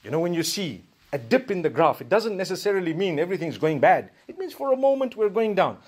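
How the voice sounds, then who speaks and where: High-voiced emphatic male preacher. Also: very animated, fast talker, darkish tone, slightly rough. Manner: emphatic, rhetorical questions, recites Arabic verses. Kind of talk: Friday sermon.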